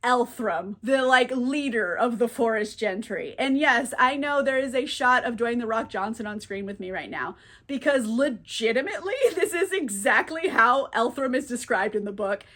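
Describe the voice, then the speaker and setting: A woman's voice: on the high side, animated, normal speed, fairly bright tone. A young woman casually recapping a book, chatty and profane, with "like" in almost every sentence. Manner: chatty, fills with "like", swears freely. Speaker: book reviewer.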